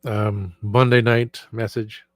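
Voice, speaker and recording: A man with a throat worn rough and hoarse, chatting loosely as host of a casual stream. His voice sits low, and he keeps circling back and correcting himself. The sound is close and dry. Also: little pitch movement, takes it slowly, no echo. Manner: rambling, with frequent restarts and self-corrections. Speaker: show host. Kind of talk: casual livestream chat.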